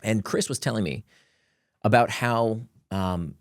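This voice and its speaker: A man, a guest author, explaining his ideas in casual conversation, animated and laughing between points. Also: lowish voice, unhurried, no echo, clean studio sound.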